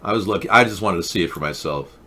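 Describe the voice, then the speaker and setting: A middle-aged man hosting a talk show, delivering a rambling, mock-earnest monologue with a deadpan touch. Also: deep voice, quick pace, heavy background noise.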